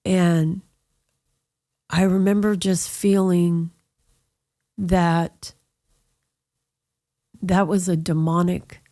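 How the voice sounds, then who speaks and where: Woman, middle-aged, interview guest; flat delivery, casual storytelling full of asides. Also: on the low side, very slow, long pauses. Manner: storytelling, with frequent "you know" asides. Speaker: guest sharing her testimony. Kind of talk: conversational personal testimony.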